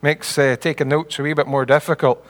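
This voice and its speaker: A Scottish man in middle age delivers a sermon with a fairly high voice. He talks in an earnest, homely way and builds to emphatic peaks. His voice rings with the long reverb of a hall. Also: flat delivery, a little fast. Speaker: preacher.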